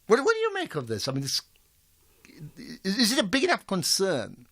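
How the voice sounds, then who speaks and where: A man's voice: high voice, wildly swooping pitch, fairly quick, fairly bright tone, dry recording, studio quality. A man hosting a live radio talk show, chatty and self-mocking with frequent restarts. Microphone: studio microphone.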